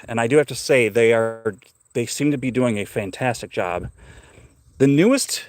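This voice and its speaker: A man's voice: mid-range voice, a little mellow. A middle-aged man, a little short of breath, wanders and chats on a live stream, talking in a loose, curious, rambling way. He speaks outdoors on a phone, with dry, close sound and no room echo. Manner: rambling, curious, chatty with viewers. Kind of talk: casual live-stream chat. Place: outdoors in a cemetery.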